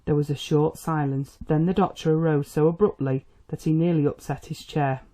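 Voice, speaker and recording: An audiobook narrator reading a period novel with measured, steady storytelling. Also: mid-range voice. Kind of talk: scripted narration.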